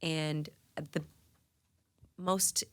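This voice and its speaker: A woman in her thirties with a bright, forward voice tells stories as a guest. She is from New England and is animated, laughing often and filling her talk with "like". She speaks into a studio microphone in a radio studio. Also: deep voice, very slow, clean tone. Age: 30s. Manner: animated, laughing, lots of "like" fillers. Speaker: guest singer. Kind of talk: casual interview storytelling.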